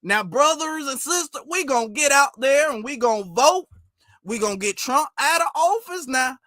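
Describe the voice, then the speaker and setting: A man mimicking someone who puts on an exaggerated, drawn-out fake Southern accent. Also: very high-pitched, animated, pushed and bright, no room sound, clean studio sound, pitched above the performer's own voice, heavily acted. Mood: mocking.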